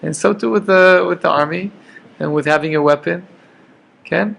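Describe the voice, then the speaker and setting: Gravelly-voiced man teaching a Torah class. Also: on the high side, normal speed, a bit bright. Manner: conversational, checks in with "okay?" and "right?". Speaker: rabbi teaching Jewish law.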